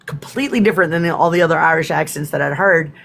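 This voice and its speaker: A woman's voice: sits low, fast, creaky, a bit bright. A woman with a Texan accent hosting a casual live stream, chatty and rambling, with casual swearing. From Texas.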